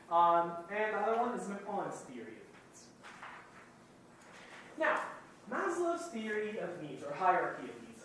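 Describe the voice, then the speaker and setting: A man's voice: sits high, fairly bright tone. A man lecturing to a live class, explaining step by step and checking in often with "okay?" and "right?". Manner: repeats and rephrases points while thinking aloud. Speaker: university lecturer. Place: classroom with students present. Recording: very echoey room, distant mic, faint room noise.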